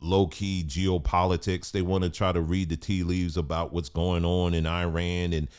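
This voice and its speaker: A man with a fairly low voice delivers an opinion vlog to his audience. He sounds preachy and emphatic, and he leans on rhetorical questions to drive his points home. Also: flat delivery, normal speed, a little mellow, clean tone. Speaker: host of a commentary channel.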